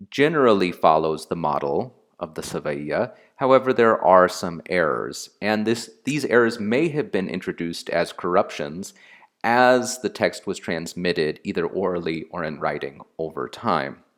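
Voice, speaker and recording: A man giving an explanatory lecture, slow and deliberate with pauses and fillers. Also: low voice, expressive.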